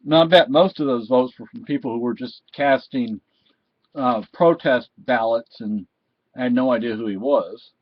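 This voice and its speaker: Brief: middle-aged male vlogger, scolding and preachy, average pitch, dull dry lo-fi home recording. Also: moderate pace. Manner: indignant, scolding, lecturing. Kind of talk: political rant to camera.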